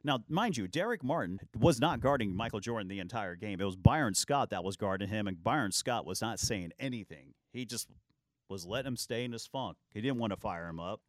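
Low-voiced man telling sports stories. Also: fairly quick, dry recording. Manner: lively anecdotes, acting out quoted lines. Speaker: sports show host. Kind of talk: casual sports storytelling.

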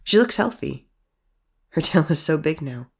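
A man's voice: a little high, big pitch swings, moderate pace, creaky, slightly rough, exaggerated voice. A man voicing an earnest, giddy nonbinary young adult in a storybook audio drama, with a raised, eager voice.

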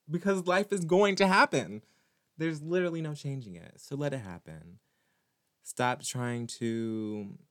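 A man vlogging to his viewers in a casual monologue, animated and teasing, rambling with many restarts. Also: on the low side.

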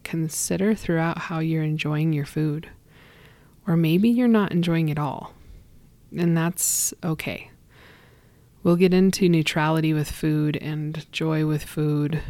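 A woman with a low voice and a gravelly edge speaks slowly and gently, as if offering a blessing. Her lines often trail off into breathy whispers. The sound is close and dry, with no room around it. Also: no room sound. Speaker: podcast host. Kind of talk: gentle spoken blessing and reflective talk.

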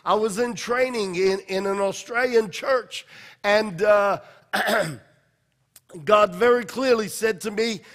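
A high-voiced male pastor delivers a sermon in a church sanctuary, his voice carrying a long hall reverb. He tells stories with passion, pushing hard on some lines and dropping almost to a hush on others. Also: takes it slowly. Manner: passionate storytelling preacher, swinging from loud to hushed.

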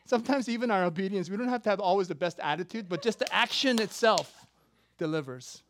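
A man in his fifties preaching a sermon as pastor, animated and jokey, swinging from loud emphasis to quiet asides. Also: high-pitched, fast, a little hiss or hum. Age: 50s.

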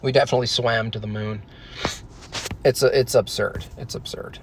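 A man's voice: medium pitch, fairly even intonation, moderate pace, slight background noise. Profane, rambling man ranting to camera. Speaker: vlogger. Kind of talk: casual ranting monologue.

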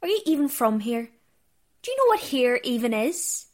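A woman's voice: sits high, big pitch swings, normal speed. A woman podcast host performing a comedy sketch as a tour guide, theatrical and mock-indignant.

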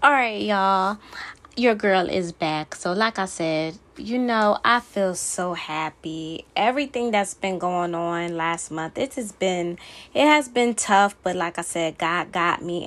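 A woman's voice: mid-range voice, unhurried, a bit bright. A young woman hosting her own podcast, talking candidly and emphatically in a casual monologue full of fillers. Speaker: podcast host.

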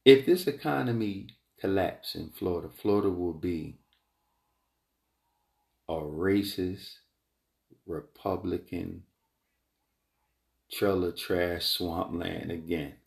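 A man giving a rambling opinion monologue, emphatic and repetitive, wandering off on tangents and climbing high in pitch when he gets heated. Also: slow pace, creaky, long pauses, darkish tone. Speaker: entrepreneur vlogger. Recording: roomy echo.

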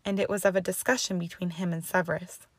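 A woman reading the lines of an older headmistress witch, calm, measured and sympathetic, in a storybook reading. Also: on the low side, dry recording, lightly acted. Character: stern, steady older female headmistress witch.

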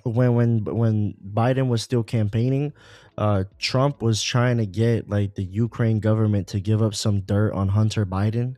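A man's voice: fairly low pitch, measured pace, dry recording, faint music behind. A man co-hosting a podcast, talking casually about politics with lots of fillers and swearing. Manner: profane, animated, frequent fillers. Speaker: podcast co-host.

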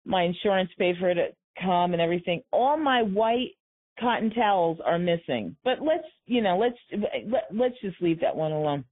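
A woman's voice: lowish voice, expressive, normal speed. A woman hosting a talk show, giving emphatic commentary and repeating her key points for effect. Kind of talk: conversational commentary. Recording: tinny phone-line sound.

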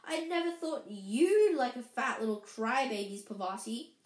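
A woman's voice: on the high side, animated, unhurried. A woman reading aloud and voicing a hard-faced mean schoolgirl with a snide, teasing tone, in a roomy space. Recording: roomy echo.

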